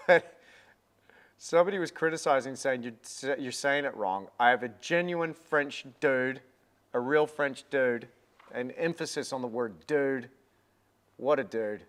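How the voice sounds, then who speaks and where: A man's voice: mid-range voice, measured pace, a bit bright. A young man giving a live painting lesson, chatty and rambling with a self-deprecating manner. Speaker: painting instructor.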